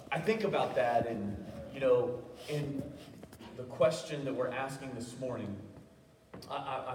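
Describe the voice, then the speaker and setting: In a church hall, a man with a mid-range voice preaches, weaving in self-deprecating stories while frequently stumbling and restarting his sentences. The recording has background noise, with the pastor's voice echoing from far off.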